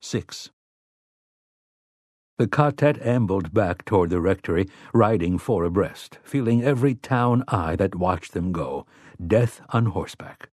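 A man narrating an audiobook in a measured, even delivery on a close mic. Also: sits low, dry recording. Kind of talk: scripted narration.

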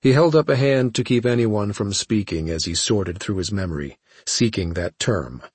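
A man giving scripted audiobook narration in a steady storytelling manner. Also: on the low side, moderate pace, husky, no room sound.

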